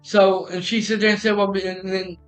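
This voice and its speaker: A man's voice: high-pitched, little pitch movement, moderate pace, soft background music. A man telling a personal story in a casual, rambling way, often restarting and repeating "I said.".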